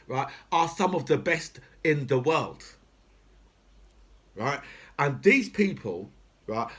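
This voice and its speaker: A man's voice: on the high side, a bit bright. A middle-aged man, talking unscripted and at length. He swears freely and keeps tossing in "right?" and "do you know what I mean?" as he goes. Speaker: political commentator. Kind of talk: unscripted rant.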